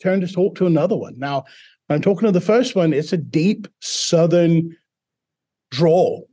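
A middle-aged Mississippi man, whose British-sounding accent comes from foreign accent syndrome, tells his story as an interview guest and acts out quoted voices. His voice is fairly high and mellow, and he talks at a normal speed.

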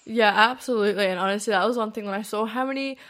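A woman's voice: mid-range voice, quick pace, a bit bright. A woman hosting a casual podcast conversation as a sex educator, chatty, with lots of fillers and frequent laughs.

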